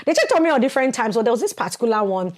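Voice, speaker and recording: Podcast co-host: Nigerian woman, forties, a touch higher than most, animated storyteller who acts out the voices of others. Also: racing. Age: 40s. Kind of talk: personal testimony on a podcast.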